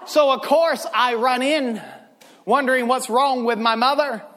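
A man preaching a sermon, telling stories with lively swings into loud shouts. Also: extremely high pitch, a little slow, a little hiss or hum. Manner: animated storytelling, bursts into loud shouts. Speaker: pastor. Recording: long hall reverb.

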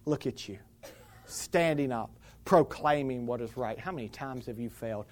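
A preacher voicing the enemy's accusing inner voice, hushed and belittling. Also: mid-range voice, normal speed, pitched below the performer's own voice, lightly acted. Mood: taunting.

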